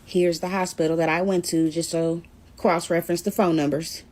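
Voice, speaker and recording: On her vlog, a storyteller recounts something that happened to her, casual and blunt, swearing here and there as she animatedly retells it. Her voice is lowish and her pace moderate.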